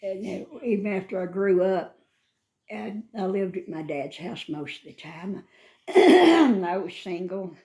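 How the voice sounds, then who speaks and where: Slow, lively older woman. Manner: chatty, rambling, high sing-song calls to cats. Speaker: vlogger. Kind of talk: casual chat. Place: outdoors by a front door, then back indoors. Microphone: phone held in hand.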